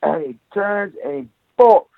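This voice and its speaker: A man's voice: high-pitched, a little slow, creaky, no room sound. A man guest telling wild stories in casual podcast chat, swearing constantly and acting out each scene. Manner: profane, animated storyteller. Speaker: guest, jiu-jitsu academy owner. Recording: tinny phone-like line.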